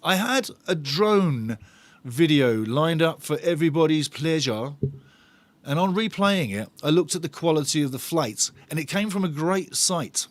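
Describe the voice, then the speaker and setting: A man hosts a live football watch-along, talking straight to his chat with a sarcastic, bantering streak. His voice sits a touch higher than most men's. The sound is close and dry, with no room around it. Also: expressive, measured pace, no room sound. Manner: chatty, sarcastic banter, greets viewers from the chat. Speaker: host of a football fan watch-along channel.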